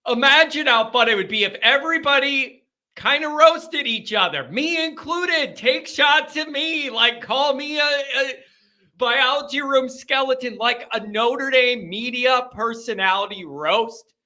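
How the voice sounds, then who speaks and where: A man's voice: extremely high pitch, measured pace, bright, forceful tone. A man hosting a fan call-in show, talking in a rambling, joking, conversational way with frequent restarts. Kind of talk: casual solo podcast chat.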